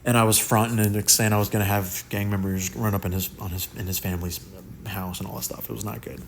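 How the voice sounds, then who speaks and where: A young content creator tells wild stories from his life in a casual, slangy monologue, acting out quotes in shifting voices. His voice is fairly low and creaky, he talks fast and he's animated, and there's a noisy background.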